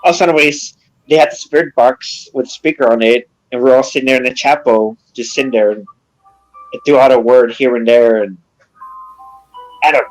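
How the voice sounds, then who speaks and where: A man's voice: medium pitch, fairly even intonation, moderate pace, faint music behind, rough recording. A man co-hosting a casual podcast chat, friendly and rambling as he tells stories. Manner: rambling, friendly, chatty storyteller. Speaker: podcast co-host.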